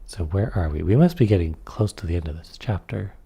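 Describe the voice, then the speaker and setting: A man's voice: low-pitched, lively intonation, a little fast, gravelly, warm tone, slightly rough, muffled recording. A man reading aloud through a tabletop game rulebook and adding casual comments on the rules. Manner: reads rules aloud, then comments offhandedly.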